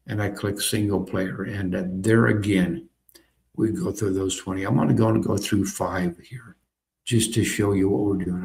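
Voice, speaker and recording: Gravelly chatty man demoing software. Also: fairly low pitch. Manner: chatty, repeats phrases, thinks aloud while clicking. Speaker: software demonstrator. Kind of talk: casual screen-recorded tutorial.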